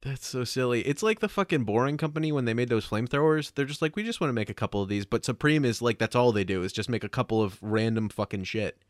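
A man's voice: mid-range voice, fast, hardly any pauses, no room sound, clean studio sound. A man co-hosting a casual comedy podcast, swearing freely and spinning mock-serious bits. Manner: profane, deadpan mock-serious. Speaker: podcast co-host.

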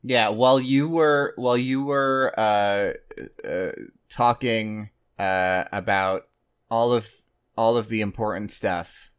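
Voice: mid-range voice, slow pace, smooth. A podcast co-host in casual chat, with dry, wry humor.

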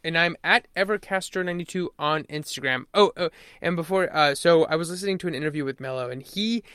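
Bright, crisp-voiced man chatting sports. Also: on the high side, quick pace, dry recording, studio quality. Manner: rambling, profane, acts out quotes loudly. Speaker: podcast co-host. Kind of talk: casual sports chat.

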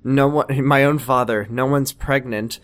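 A man's voice: mid-range voice, fairly even intonation, a little slow, fairly bright tone. A man co-hosting a podcast, chatting casually about a TV show and making dry, sarcastic asides. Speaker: podcast co-host. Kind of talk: casual chat recapping a TV show.

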